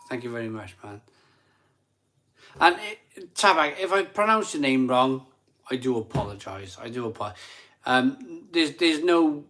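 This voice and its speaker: A man hosts a live stream in a relaxed, chatty way. He is a few beers in and worn out, so he talks slowly, rambles and repeats himself. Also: medium pitch. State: tired. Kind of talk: casual live chat reading super chats.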